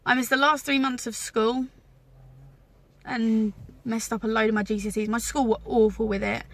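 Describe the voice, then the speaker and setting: A woman's voice: on the high side, flat delivery, moderate pace. A young woman from England telling her own story to camera in a candid, wry, sometimes emotional way. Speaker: vlogger.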